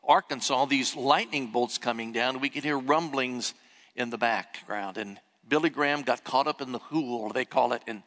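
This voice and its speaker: An older man, a pastor, preaching a sermon and telling a story with animated emphasis. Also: mid-range voice, moderate pace, long reverb tail. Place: church sanctuary.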